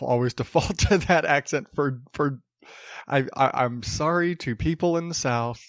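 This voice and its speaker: A man in a home studio hosts his podcast at an unhurried, drawn-out pace. His delivery is sarcastic and rambling, full of restarts and little laughs. The sound is close and dry, with no room around it. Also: medium pitch, a little mellow, dry recording. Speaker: podcast host. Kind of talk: casual solo podcast monologue. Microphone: studio podcast mic.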